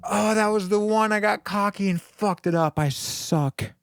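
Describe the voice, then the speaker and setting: A man giving casual let's play commentary on a game he is playing, excitable, laughing often, swearing and yelling at the screen. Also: sits high, measured pace, slight background noise. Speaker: gaming video creator.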